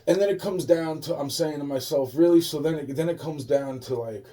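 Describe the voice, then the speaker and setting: A man's voice: on the high side, fairly quick, mellow, far from the mic. A man in a rambling, profane monologue, restarting his sentences again and again.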